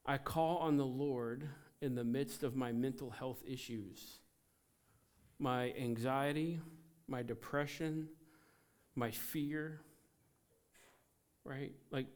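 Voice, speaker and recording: A pastor preaching in a relaxed, conversational way, earnest and at times laughing at himself. His voice is smooth and resonant, set at a middle pitch. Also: slow, long pauses. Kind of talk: sermon.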